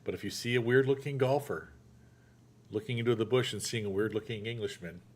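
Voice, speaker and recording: A man's voice: mid-range voice, brisk. A middle-aged man hosting a casual chat show, joking and laughing as he talks. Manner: chatty, joking, laughs often. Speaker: show host.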